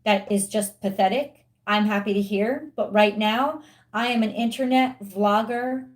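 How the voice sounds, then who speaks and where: A woman giving a live-streamed tarot reading, chatty with viewers, frustrated and swearing openly about her internet. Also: medium pitch.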